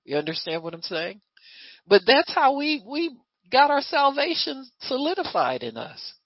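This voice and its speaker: Woman preacher, animated pitch, breathy edge, dull muffled recording. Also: normal speed. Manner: lively, conversational preaching with rhetorical questions. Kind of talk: sermon.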